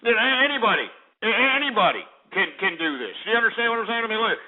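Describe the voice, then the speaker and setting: A man's voice: high voice, big pitch swings, fast talker. A man hosting a call-in radio show, brash, profane and mocking toward callers. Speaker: radio talk show host. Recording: phone-like lo-fi radio with faint music.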